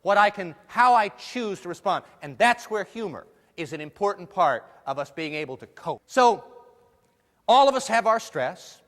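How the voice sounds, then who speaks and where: High-voiced joking man in a hall. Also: expressive, normal speed, fairly bright tone. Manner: playful, jokey, asks the audience questions. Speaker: motivational speaker. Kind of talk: humorous keynote talk to a live audience. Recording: long hall reverb.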